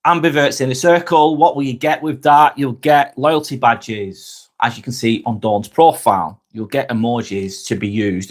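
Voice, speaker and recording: A chatty man from Northwest England with a Lancashire accent, hosting a relaxed live stream. He talks in an easy, friendly way and calls people "mate" as he answers viewers. His voice sits at an ordinary middle pitch for a man. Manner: chatty, friendly, says "mate" often, thanks viewers by name. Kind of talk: casual live-stream chat reading comments.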